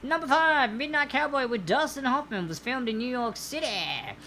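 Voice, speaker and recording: A woman's voice: sits high, expressive, normal speed, pushed and bright, slight background noise. A woman hosting a live-streamed trivia night, reading out answers in a chatty, upbeat way and greeting viewers by name. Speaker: trivia host.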